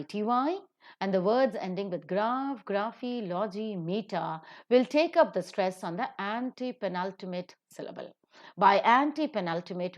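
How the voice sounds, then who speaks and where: A woman lecturing on English word stress over slides, her voice rising and falling with emphasis. She speaks clearly and deliberately, spells endings out letter by letter and repeats each example word. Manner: lively pitch with emphatic stresses. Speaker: English pronunciation teacher.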